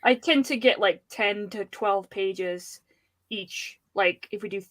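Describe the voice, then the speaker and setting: A woman's voice: mid-range voice, takes it slowly, a bit bright. A woman co-hosting a casual livestream, talking candidly and joking around. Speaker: guest co-host.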